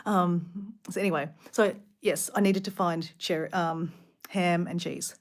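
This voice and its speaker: A middle-aged woman with an Australian accent tells a casual story straight to camera. Her voice sits slightly low, and she rambles in a chatty, animated way, full of asides. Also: unhurried. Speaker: vlogger. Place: hotel room.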